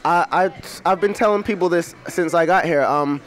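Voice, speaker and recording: A man's voice: fairly high pitch, normal speed. Laid-back joking young rapper, man. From England. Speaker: rapper guest. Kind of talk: casual interview chat.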